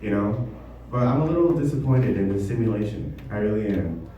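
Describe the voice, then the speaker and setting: Man, stand-up comic, halting and self-deprecating, mellow tone, echoey basement room, heard from a distance. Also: on the low side, expressive, muffled recording. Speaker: stand-up comedian. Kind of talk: stand-up comedy set. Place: basement comedy venue.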